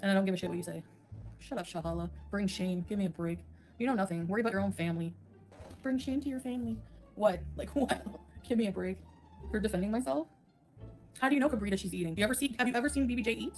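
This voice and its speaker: A woman's voice: medium pitch, fast, darkish tone, faint music behind. A woman on a casual livestream, ranting bluntly and sarcastically and laughing often.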